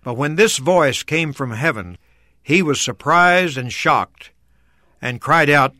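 A man's voice: medium pitch, lively intonation, a little slow, pushed and bright, dry recording, studio quality. A man explaining a Bible passage in a discussion, earnestly repeating key phrases for emphasis. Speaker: Bible teacher guest.

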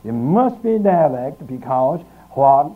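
A man preaching a sermon, teaching slowly and emphatically with long pauses between phrases. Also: medium pitch, sing-song. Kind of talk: archival sermon. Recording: tinny phone-like archive recording.

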